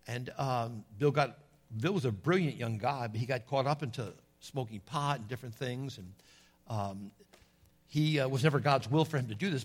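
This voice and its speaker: A man's voice: mid-range voice, breathy edge. A middle-aged man preaching a sermon in a folksy storytelling way, calling out to his congregation.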